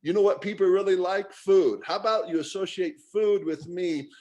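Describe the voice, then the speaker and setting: A man lends his voice to a weary, exasperated God who scolds bluntly and plainly. The voice sits a touch higher than most men's, and the tone stays conversational rather than grand. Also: normal speed, a little mellow, natural voice. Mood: coaxing.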